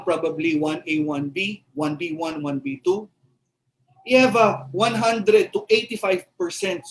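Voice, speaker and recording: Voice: mid-range voice, rough recording. A radiation oncologist with a Filipino accent giving an emphatic webinar health lecture, full of rhetorical questions and the tag "no?".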